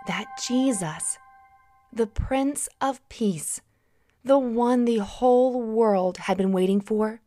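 A woman tells a children's Bible story in a slow, gentle way, pausing to ask her listeners questions. Her voice is still recovering from having been lost. The recording is dry and close. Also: medium pitch, dry recording. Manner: gentle, slow, asks listeners to answer aloud.

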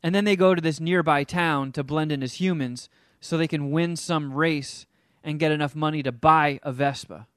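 A man co-hosting a casual podcast, telling a film's story with animated energy and now and then hamming up silly voices. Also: fairly high pitch, moderate pace, clear, resonant tone, no room sound, studio quality. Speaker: podcast co-host reviewing a film. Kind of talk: casual chat.

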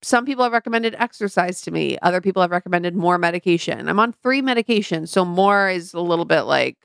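A woman's voice: fairly low pitch, lively intonation, fast, creaky, clear, resonant tone, dry recording, clean studio sound. Chatty woman telling a self-mocking story. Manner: candid, self-mocking storytelling with many fillers. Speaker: podcast co-host. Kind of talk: casual chat.

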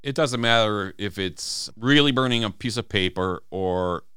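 A man's voice: fairly low pitch, unhurried, sharp tone, clean tone, dry recording, studio quality. A man co-hosting a podcast, talking through song lyrics in casual, emphatic chat and acting out quoted lines. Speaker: podcast co-host.

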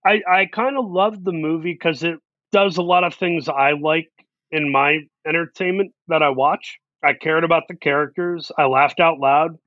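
A man telling animated anecdotes as a guest in an interview, acting out what people said to him. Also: fairly high pitch, normal speed, dry recording, lo-fi sound. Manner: animated anecdotes with quoted asides. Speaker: actor guest. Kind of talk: storytelling interview.

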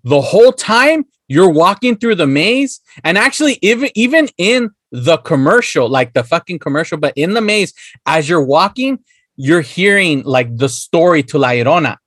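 A man's voice: on the high side, big pitch swings, normal speed, a bit bright, dry recording, studio quality. A Chicano man co-hosting a podcast in casual chat, laughing a lot and swearing. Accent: Chicano English. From United States. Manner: laughs a lot, swears, slips into mock voices. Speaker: podcast co-host.

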